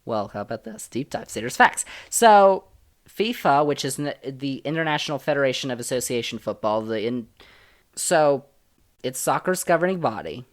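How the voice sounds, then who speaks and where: A man hosts a solo sports podcast, talking through the news in an opinionated way. He is emphatic, jumping between loud and soft. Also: medium pitch, animated, moderate pace. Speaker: podcast host.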